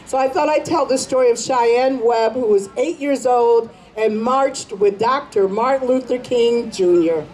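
A woman's voice: fairly high pitch, unhurried, hardly any pauses, darkish tone, poor audio. A woman storyteller giving a dramatic story performance at a community celebration, shifting into character voices. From United States.

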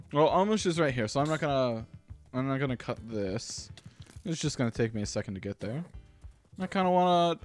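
Rambling and self-deprecating, this gaming-channel host narrates a let's-play in a mid-range voice. Every so often he breaks into a sudden, excited outburst.

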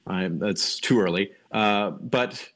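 Young man, lower pitch, relaxed online lecturer; halting, restarts often, opinionated. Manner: thinking aloud, many restarts and ums, opinionated asides. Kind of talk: casual online lecture over voice chat. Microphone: computer mic on a voice call.

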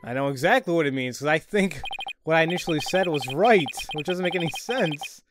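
A man's voice: on the high side, a little fast, music in the background. A man hosting a let's play, bantering casually, laughing easily and poking fun at himself. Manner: laughs easily, self-deprecating.

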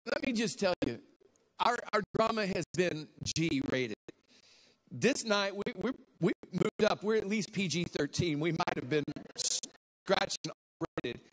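A man preaching a sermon as a lively story, acting out the people in it with sudden shouts and stretched-out words. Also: sits high. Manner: animated, acts out voices with shouts and drawn-out words. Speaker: guest preacher.

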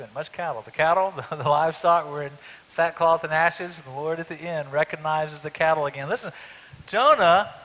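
Bright-voiced pastor preaching in a reverberant hall. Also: male voice, on the high side. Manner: conversational storytelling, rhetorical asides. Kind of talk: sermon. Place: church sanctuary. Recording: hall reverb, faint hiss.

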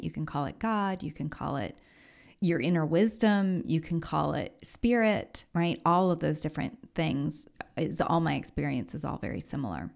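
A woman talks through her own podcast in a gentle, encouraging tone, often easing down to a near whisper. Her voice sits a little low, with a gravelly fry running under it. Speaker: podcast host and coach. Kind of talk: reflective solo podcast talk.

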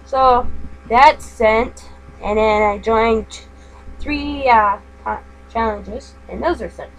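A woman's voice: fairly high pitch, takes it slowly, low-quality recording. An older woman with a grandmother's manner, chatting and rambling while crafting at home. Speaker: craft vlogger. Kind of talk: casual chat while crafting.

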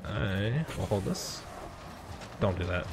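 A man giving gameplay commentary, excitable and rambling, swearing often as he plays. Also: on the low side, a little slow, creaky, over a noisy crowd. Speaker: gaming channel host.

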